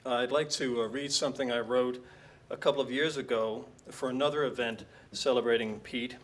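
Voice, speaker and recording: A man reading a prepared humorous tribute aloud at an evening event, with dry, deadpan comic timing. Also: medium pitch, normal speed, distant mic. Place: lecture hall.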